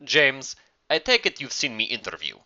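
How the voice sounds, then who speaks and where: A cold, sardonic woman with a Russian accent, put on by a male narrator, her words dry and cutting. The voice is sharp-edged and swings up and down, heard through a dull, lo-fi recording. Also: mid-range voice, huge pitch swings, normal speed, voice pushed up, exaggerated voice.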